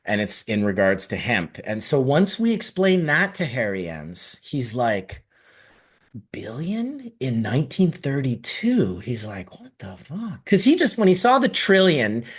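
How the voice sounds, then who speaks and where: A middle-aged man from Canada, telling a long story in casual podcast chat, animated and full of swearing. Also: a little high. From Canada (Manitoba). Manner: animated, profane, rambling storyteller.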